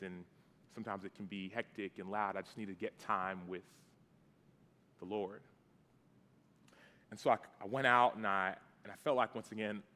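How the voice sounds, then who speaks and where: Man in his thirties, low voice, casual sermon storytelling, long hall reverb. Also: fairly bright tone. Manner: casual, conversational, with fillers and restarts. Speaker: guest preacher. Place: church sanctuary.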